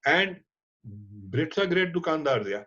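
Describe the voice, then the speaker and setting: A man's voice: on the high side, a little slow. Storytelling man with an Indian accent. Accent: Indian English. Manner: lively storyteller, mixes in Hindi words and casual swearing. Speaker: documentary filmmaker. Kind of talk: anecdotal storytelling in conversation. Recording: dull lo-fi audio.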